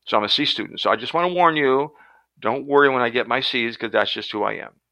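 A man's voice: mid-range voice, fast talker, gravelly, pushed and bright, no room sound. A man quoting a shy young female student. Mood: resigned.

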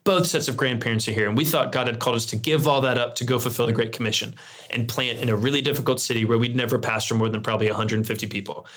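A man's voice: mid-range voice, fast. Male guest pastor, 30s, conversational storyteller. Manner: earnest storytelling, relaxed fillers. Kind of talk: conversational interview.

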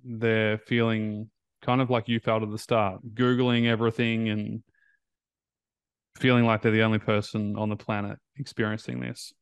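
A man's voice: lowish voice, level tone, moderate pace, smooth, dry recording. A man hosting a casual interview as a recovery coach, affirming and encouraging his guest.

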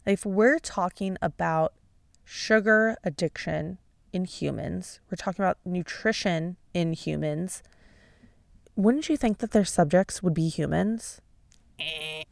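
A woman's voice: lowish voice, slow, vocal fry, no echo. A young adult woman hosting a casual solo podcast, chatty and sarcastic. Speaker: podcast host.

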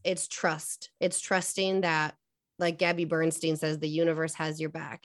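A woman's voice: fairly low pitch, no echo, clean studio sound. A young adult woman, a coach, talking earnestly in a casual podcast interview, telling stories with many fillers. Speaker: guest coach.

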